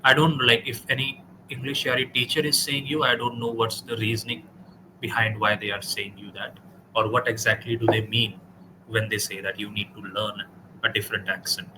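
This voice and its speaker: A man's voice: fairly low pitch, flat delivery, moderate pace, noisy background. A man with an Indian accent, tutoring a student in spoken English and correcting him directly. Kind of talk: spoken English practice session with feedback.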